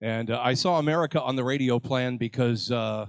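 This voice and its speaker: With a mid-range, gravelly voice and a brisk delivery, an older man hosts a live convention panel. He trades jokes with the crowd and makes fun of himself, and there's no room sound.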